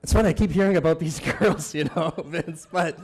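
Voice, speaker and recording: Brief: a man roasting a friend onstage, slightly higher voice, laughs through the punchlines. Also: fairly quick, noisy background. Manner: chuckles through his jokes, loose and teasing. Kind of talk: stand-up roast set. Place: banquet event before a live audience.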